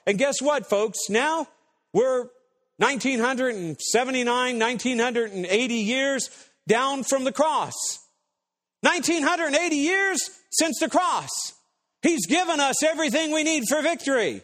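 A man preaching with an emphatic voice that sits fairly high and swings from loud rising lines to hushed drops. He quotes scripture and acts out imagined voices. The sound carries a long reverb from a church hall. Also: expressive, unhurried. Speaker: pastor. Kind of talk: sermon.

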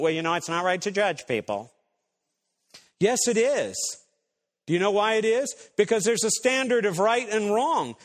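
A male pastor preaching a sermon, emphatic, swinging between loud rising lines and hushed drops as he quotes scripture and imagined voices. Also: sits high. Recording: long hall reverb.

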